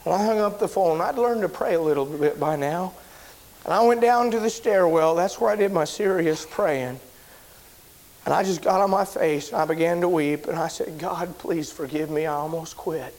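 A man preaching, telling a personal story in a sermon, animated and shouting at the big moments. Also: moderate pace. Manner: animated storyteller, shouts at high points, drops low and quiet when somber.

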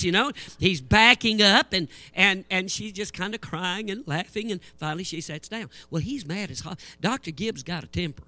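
An older man preaching a humorous sermon, telling folksy, animated anecdotes. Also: high voice, a little fast, hardly any pauses, no room sound.

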